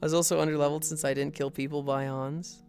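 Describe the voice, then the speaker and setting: Low-voiced woman chatting on a stream. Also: little pitch movement, quick pace, a little mellow, clean tone, faint music behind. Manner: casual, profane, laughs often, chats with viewers. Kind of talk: casual stream chat.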